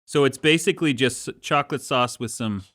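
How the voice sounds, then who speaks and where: Bright-voiced man in easygoing podcast chat. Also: mid-range voice, brisk, no echo, clean studio sound. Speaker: podcast co-host. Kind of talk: casual chat.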